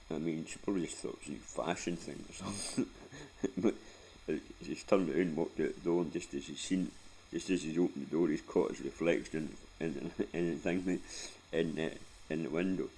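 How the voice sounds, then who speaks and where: A very deep-voiced Scottish man in his forties, gravelly and dark in tone, rambles through a sweary life story with frequent laughs. Soft background noise sits under his voice. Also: normal speed, rough recording. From Scotland. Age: 40s. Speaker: vlogger. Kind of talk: casual storytelling.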